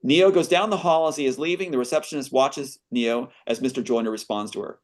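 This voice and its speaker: A man's voice: medium pitch, fast talker, few pauses. A screenwriter reading his screenplay aloud as a guest, breaking off with earnest asides.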